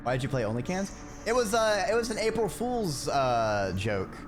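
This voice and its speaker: A man's voice: high-pitched, very animated, moderate pace, over music. A man streaming a video game, chatting casually and playfully, muttering to himself as he plays. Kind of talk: casual gameplay chat.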